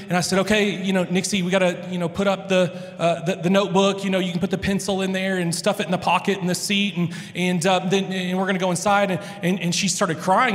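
A man's voice: high voice, fairly bright tone. A man in his thirties, a pastor, telling family stories in a chatty, rambling way with many restarts. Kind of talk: casual storytelling sermon. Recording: long reverb of a large hall.

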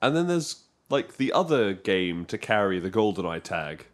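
Animated man chatting about games. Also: lowish voice. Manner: animated, jokey, quick bursts of excitement. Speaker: podcast co-host. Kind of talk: casual chat about games.

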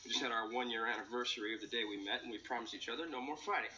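An actor playing a smitten young husband in a sitcom, with cool, teasing charm. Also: male voice, medium pitch, very fast, bright, forceful tone, slight background noise. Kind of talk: sitcom acting. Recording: dull TV clip with studio audience.

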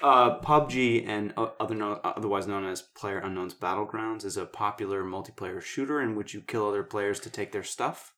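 A man's voice: on the low side, pushed and bright. Sarcastic joking man in movie chat. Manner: joking, sarcastic, quick to riff. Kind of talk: casual movie review chat.

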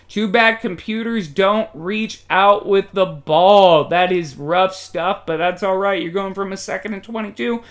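Bright high-voiced excitable game caller. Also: male voice, a little slow, hardly any pauses. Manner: excitable sportscaster-style calling of plays. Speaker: video game player commentating. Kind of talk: play-by-play commentary.

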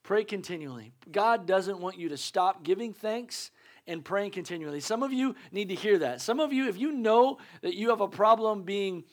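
A man's voice: high voice, lively intonation, moderate pace. A man preaching a conversational sermon as a pastor, earnest and urging, repeating his points with joking asides.

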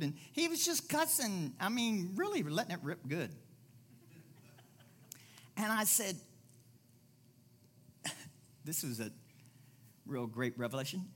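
Animated preacher man, lively pitch swings. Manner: animated, repeats phrases, swings between loud and soft. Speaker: pastor. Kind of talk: conversational sermon.

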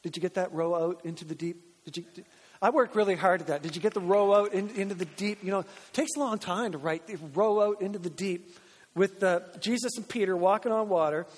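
A man's voice: high voice, a little fast. A man, a pastor from Canada, preaching a conversational sermon with joking asides and acted-out dialogue. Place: church sanctuary. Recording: church hall reverb.

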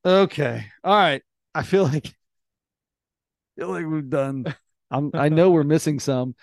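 A man co-hosting a casual podcast chat, rambling and animated, often fumbling for names. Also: on the high side, unhurried, gravelly, dry recording, studio quality. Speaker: podcast co-host.

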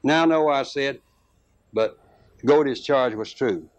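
Slow, unhurried male storyteller. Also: medium pitch, lo-fi sound. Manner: slow, unhurried reading with small restarts and fillers. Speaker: narrator. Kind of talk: storytelling reading of a rural tale.

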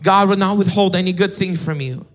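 A man's voice: high-pitched, brisk, fairly bright tone, soft background music. A young man preaching a sermon, swinging between chatty, stammering stories and sung, chanting emphasis on key lines. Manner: chatty anecdotes with stammered restarts. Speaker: pastor.

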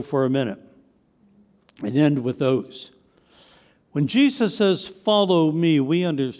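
A man's voice: fairly high pitch, darkish tone, big-room sound. A man preaching a sermon as pastor, emphatic, with his voice rising and dropping to stress his points.

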